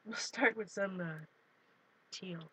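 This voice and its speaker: A woman's voice: medium pitch, takes it slowly, pushed and bright, breathy edge, poor audio. A woman hosting an art livestream, chatting casually with viewers while she paints and often giggling. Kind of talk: casual live-stream chat while painting.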